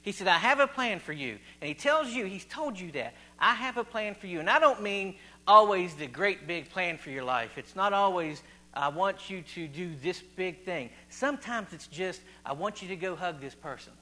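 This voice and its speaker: Speaking at a moderate pace, this Virginia man, from West Virginia, has a high, sharp voice with lively intonation. He delivers a casual sermon in a chatty way, repeating phrases and quizzing the congregation over and over.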